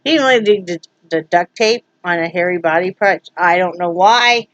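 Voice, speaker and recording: A woman's voice: on the low side, moderate pace, dry recording, highs cut off. A woman vlogging from home in a casual, rambling way, joking and full of fillers. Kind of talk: casual vlog chat.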